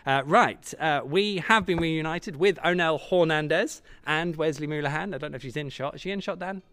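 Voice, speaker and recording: A man's voice: fairly high pitch, fairly bright tone, clean tone. A man hosting a live football talk show from a stadium, chatty and joking with his guests. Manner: chatty, jokey and quick. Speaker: host. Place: stadium function room.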